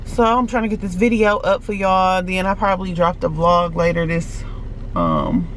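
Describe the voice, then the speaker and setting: A woman's voice: fairly low pitch, animated, normal speed, a little hiss or hum. A woman vlogging casually, chatting to her viewers as y'all while she runs errands, cleans up and waits in her car, talking into a handheld phone. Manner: switches to soft whispers late at night. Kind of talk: casual vlog chat. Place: at home and in stores and car.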